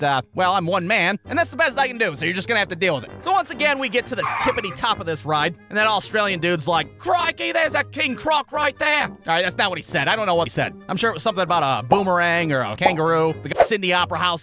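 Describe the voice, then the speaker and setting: A man telling a comedic story in a fast, animated, sarcastic way. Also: high voice. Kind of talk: scripted comedic narration.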